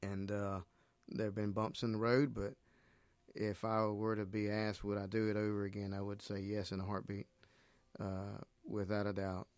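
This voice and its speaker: A man's voice: fairly low pitch, completely flat delivery, moderate pace, darkish tone, smooth, no echo. A middle-aged man from Nicaragua, a missionary guest, talking earnestly about his faith and retelling scripture stories with animation. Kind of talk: casual faith conversation.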